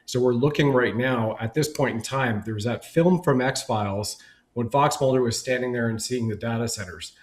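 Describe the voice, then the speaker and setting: A man's voice: medium pitch, moderate pace, roomy sound, low-quality recording. Rambling, emphatic man on a panel. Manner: rambling, emphatic, long run-on sentences. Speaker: panel guest. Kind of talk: casual panel discussion.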